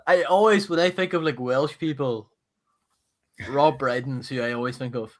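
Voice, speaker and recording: A man's voice: medium pitch, moderate pace. A man co-hosting a livestream, chatting casually in a jokey way. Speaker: livestream co-host. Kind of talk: casual chat.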